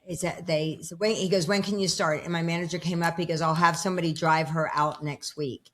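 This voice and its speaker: A woman's voice: on the low side, steady tone, fairly quick, a little hiss or hum. A woman in her fifties, a personal development coach, telling her story in a casual interview at home and acting out the dialogue. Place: home with dogs around.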